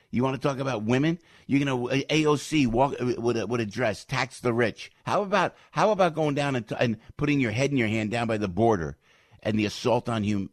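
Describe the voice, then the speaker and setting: Middle-aged comedian guy ranting hot, pitch swinging way up and down, dry close sound. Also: dry recording. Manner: indignant, voice leaps high and loud when riled; repeats phrases, restarts sentences. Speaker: stage comedian. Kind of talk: heated political rant.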